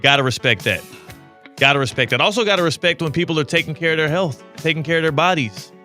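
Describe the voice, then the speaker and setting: A man's voice: a little high, quick pace, bright, forceful tone, soft background music. A man hosting a sports radio show, chatting and bantering casually with his co-hosts in a studio.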